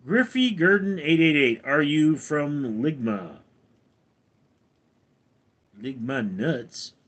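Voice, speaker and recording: A man live-streaming from home, reading chat comments and answering in a dry, deadpan way. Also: on the high side, slow.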